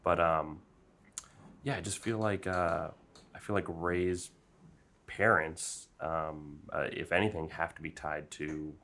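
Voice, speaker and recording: Very deep gravelly man, rambling. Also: fairly even intonation, takes it slowly, bright, forceful tone, a little hiss or hum. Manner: rambling, hesitant, many ums and restarts. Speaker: podcast co-host. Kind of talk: casual fan podcast discussion.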